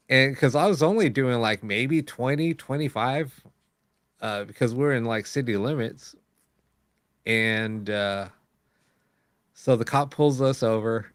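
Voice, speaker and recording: A man chatting as a show host, telling a story in a loose, rambling way, full of "um"s and retold dialogue. His voice sits at an ordinary middle pitch and sounds dry and close, with no room echo. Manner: rambling, with many fillers and quoted dialogue. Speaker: host of a live paranormal show. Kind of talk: casual storytelling chat.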